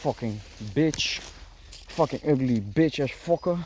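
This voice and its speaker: A man films himself outdoors on a handheld phone, cursing nonstop and grunting as he shoves through thick bushes. His voice sits at an average pitch and he drags out his words slowly. Loud crackling of branches and leaves fills the noisy recording. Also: lively intonation. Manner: swears constantly, grunts while pushing through bushes. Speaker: vlogger. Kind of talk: rambling outdoor vlog. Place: outdoors in dense bushes and trees. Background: rustling branches and a dog barking.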